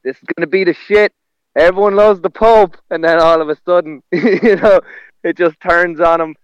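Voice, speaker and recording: A man's voice: high-pitched, steady tone, moderate pace, clean tone, dry recording, lo-fi sound. A man, a stand-up comedian chatting casually, rambling through stories with restarts and laughter. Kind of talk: casual conversation.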